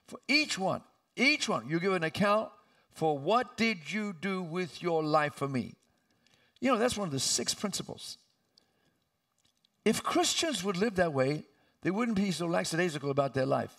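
A male pastor preaches in a church sanctuary, emphatic throughout and breaking into sudden loud, high outbursts. The mic is placed at a distance.

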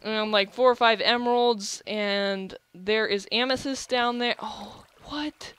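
A young adult gaming host giving excitable, gushing let's-play commentary, often restarting sentences. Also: mid-range voice, takes it slowly, clean tone.

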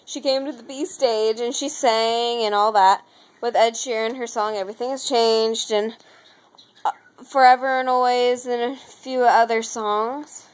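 A teenage girl telling an excited, rambling story in a casual vlog from her room. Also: a little high, measured pace, poor audio. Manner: gushing, rambling, says anyways a lot. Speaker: vlogger.

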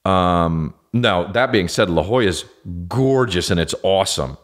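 A man's voice: low voice, lively intonation, measured pace. A man hosting a podcast, rambling through a profane, self-mocking comedic monologue that keeps going off track. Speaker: podcast host.

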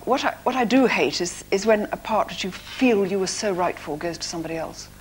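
A posh woman in her fifties chatting as a guest in a television studio, full of theatrical, laughing anecdotes. Her voice sits in an ordinary middle range. The old broadcast recording carries a clear layer of hiss. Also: mid-range voice, animated, fairly quick. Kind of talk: chat show interview.

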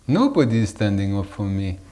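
A man's voice: lowish voice, very animated, brisk. A man voicing Missus Truth, a personified truth who speaks fondly and intimately, like a proud mother. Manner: fond, intimate, gently teasing.

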